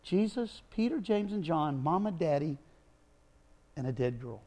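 A man preaching a sermon, retelling a Bible story with dramatic swings between loud outbursts and hushed moments. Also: on the high side, animated, unhurried.

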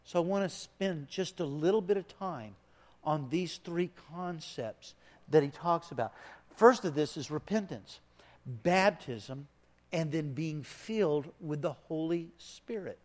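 A man preaching a sermon as pastor, swinging from hushed lines to loud, emphatic ones. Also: on the high side, big-room sound.

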